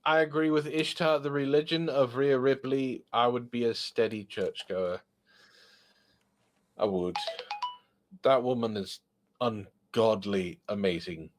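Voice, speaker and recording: A man hosting a casual podcast, reading funny online stories aloud and joking about them with animated asides. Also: mid-range voice, unhurried, pauses often. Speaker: podcast host.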